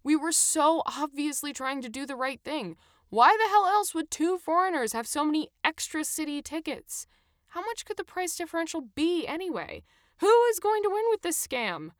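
Woman doing an exasperated young guy, incredulous questions, lively pitch, dry close recording. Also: measured pace, no room sound, heavily acted. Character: frustrated young man, irritable travel companion.

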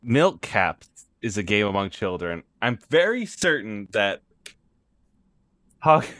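Bright, animated man on a podcast. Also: lowish voice, slow pace, dry recording. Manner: animated, laughing, mock-ranting. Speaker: podcast co-host. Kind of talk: casual comedic chat.

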